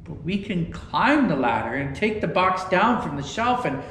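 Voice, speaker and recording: A man's voice: high voice, big pitch swings, normal speed, fairly bright tone, echoey room, slight background noise, exaggerated voice. A man reading the part of Tim, an earnest young man with a sweet tooth, in a storybook tale. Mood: pleading.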